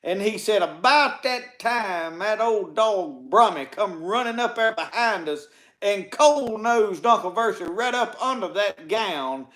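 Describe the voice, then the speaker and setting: High-voiced Mississippi storyteller drawling. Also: male voice, lively intonation, measured pace, fairly bright tone. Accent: Southern US, Mississippi. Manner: drawling, repeats "said" constantly. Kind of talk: folksy tall-tale storytelling.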